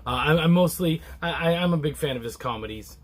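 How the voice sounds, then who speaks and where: A man reviewing a comic book in a casual, relaxed chat to camera, rambling with many restarts and fillers. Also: brisk. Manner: relaxed and low-key.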